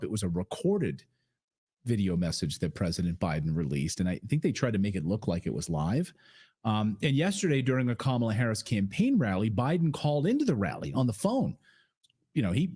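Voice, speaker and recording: A man's voice: mid-range voice, warm tone, husky. A man hosting a casual political commentary stream, rambling, with frequent fillers and restarts.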